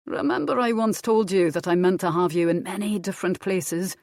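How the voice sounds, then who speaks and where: A woman reading the part of a grown Scottish border laird, gruff and commanding with a teasing edge. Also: lowish voice, a little fast, a little mellow, no room sound, studio quality, lightly acted.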